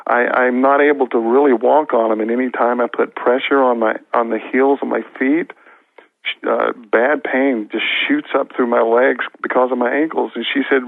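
A man with a gravelly, creaky voice tells an earnest testimony, stopping and restarting as he acts out what people said. The sound is thin and phone-like. It is dry and close, with no room around it. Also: mid-range voice, steady tone, normal speed, dry recording. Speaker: guest minister. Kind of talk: storytelling testimony. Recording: tinny phone-line audio.

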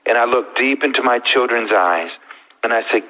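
A middle-aged man telling his personal story as a guest, earnest and heartfelt with slow pauses. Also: medium pitch. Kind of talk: emotional personal testimony. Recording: thin phone-like sound.

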